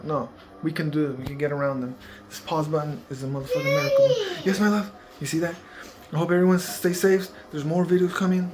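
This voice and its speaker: A man's voice: a little high, noisy background. A man giving casual, profanity-heavy parenting advice in a rambling, laid-back vlog monologue. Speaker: parenting vlogger.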